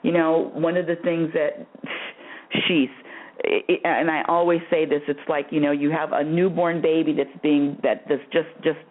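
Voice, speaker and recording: A woman's voice: low voice, flat delivery, moderate pace. A woman hosting a spiritual advice call-in radio show, talking emphatically and repeating herself, calling the caller honey and dear, often laughing. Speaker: radio host answering callers. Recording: narrow phone-like radio audio.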